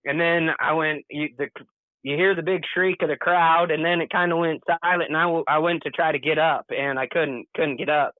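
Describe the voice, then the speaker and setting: A man's voice: fairly high pitch, steady tone, normal speed, no room sound. A man guest in a casual interview, recounting a story in an earnest, plain-spoken way. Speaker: podcast guest. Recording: thin phone-like dry sound.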